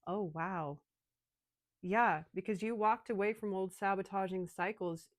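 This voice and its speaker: A woman giving an emotional, excitable channeled tarot reading, speaking straight to her viewers. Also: mid-range voice, a little slow, dry recording. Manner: emotional, excitable, addresses listeners as darling. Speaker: tarot reader.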